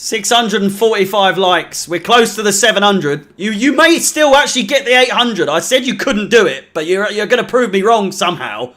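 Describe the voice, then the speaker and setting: Bright-voiced sarcastic English football fan. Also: male voice, sits high, lively intonation, moderate pace, hardly any pauses. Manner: deflated, sweary, sarcastic. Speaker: fan channel host. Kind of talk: live football watch-along commentary.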